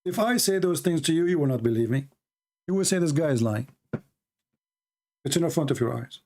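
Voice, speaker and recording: Male, Arabic native, Middle Eastern origin; slightly high voice; sarcastic, scoffing video commentator. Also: expressive, brisk, a little mellow. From Middle East. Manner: mocking, sarcastic. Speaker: religious commentator. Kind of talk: casual commentary over a video.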